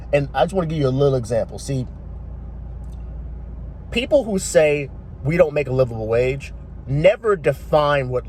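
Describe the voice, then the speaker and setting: A man in his thirties giving a blunt, profane motivational rant, talking forcefully and preachily. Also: on the high side, a little hiss or hum. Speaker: commentator.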